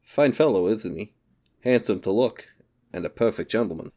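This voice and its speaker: A man reading the part of an older, gloomy and sentimental male gangster in an audiobook, in a brooding, slow-spoken way. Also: lowish voice, animated, mellow. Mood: admiring.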